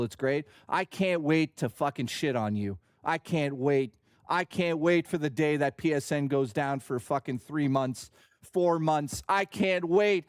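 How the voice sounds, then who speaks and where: A man's voice: a little high, smooth, dry recording, studio quality. A man hosting a live stream, ranting in a heated, profane, worked-up way. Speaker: streamer host.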